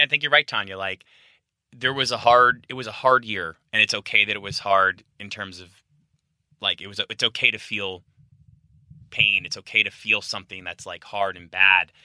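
A man in his thirties from the United States, co-hosting a podcast with his wife in a relaxed chat, full of fillers, laughing easily. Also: on the low side, smooth, dry recording, clean studio sound. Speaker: podcast co-host. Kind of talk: casual chat.

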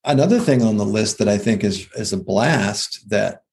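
A man's voice: on the low side, normal speed, a little mellow, slight background noise. A man co-hosting a conversational health podcast, explaining ideas with frequent restarts and checking in with his listener. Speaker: co-host, health practitioner. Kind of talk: casual conversational podcast talk.

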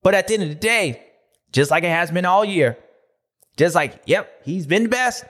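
A man hosting a motocross recap show, talking in a loose, slangy, animated way with loud bursts and low asides. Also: normal speed. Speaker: motocross podcast host. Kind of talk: casual race recap commentary.

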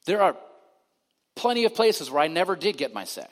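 A man's voice: high voice, big pitch swings, fairly quick. Man preaching in a reverberant hall. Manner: conversational, swings from loud emphasis to hushed quiet. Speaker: pastor. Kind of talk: sermon.

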